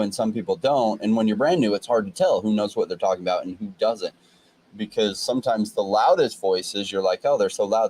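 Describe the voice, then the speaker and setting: Male livestream host, lowish voice, confident lecturing delivery, faint background hiss. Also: a little mellow, rough recording. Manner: confident, lecturing, talks at length. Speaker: crypto show host. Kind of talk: casual livestream commentary.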